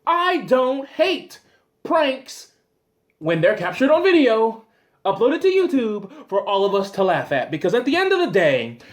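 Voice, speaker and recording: A man hosting a commentary show, delivering a loud, exasperated, swearing comedic rant and acting out little scenes. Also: very high-pitched, huge pitch swings, unhurried.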